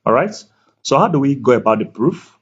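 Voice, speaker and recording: A man tutoring math at a board, speaking slowly and deliberately, repeating key words and checking that the viewer is following. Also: medium pitch, very animated, husky. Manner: slow, deliberate, repeats key words, asks "can you see that?". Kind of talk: whiteboard math lecture. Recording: dull lo-fi recording.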